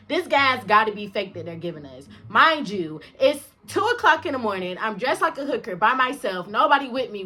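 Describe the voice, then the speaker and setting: Bright-voiced woman telling a profane story. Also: a little high. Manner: profane, animated, exasperated. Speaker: indie rap artist telling a story. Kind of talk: casual storytime vlog.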